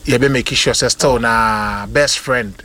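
A man with a Ghanaian accent hosting a call-in radio show, giving hyped shout-outs and blessing a caller. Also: medium pitch, a little slow. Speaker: radio host. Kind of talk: call-in birthday show, English and Twi mix.

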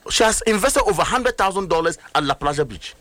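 A man's voice: high voice, expressive, fast, bright, forceful tone, no echo. A man with a Ghanaian accent arguing animatedly in a political talk show debate, emphatic and mixing in Twi phrases. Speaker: political commentator.

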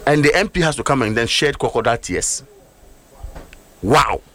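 A man's voice: medium pitch, expressive, normal speed, sharp tone. A man with a Ghanaian accent arguing animatedly in a political talk show debate, emphatic and mixing in Twi phrases. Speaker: political commentator.

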